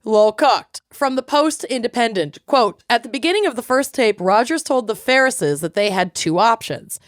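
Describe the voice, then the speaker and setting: A woman's voice: a little high, expressive, normal speed, dry recording, clean studio sound. A woman co-hosting a podcast, casually retelling a true crime case and reading out court quotes, with some swearing. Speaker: podcast co-host.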